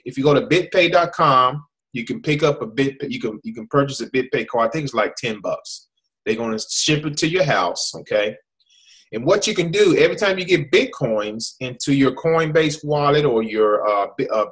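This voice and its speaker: A man's voice: medium pitch, poor audio. An American man hosting an online hangout, explaining with frequent restarts and repeated "okay?" checks. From USA. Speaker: host. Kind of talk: casual hangout presentation.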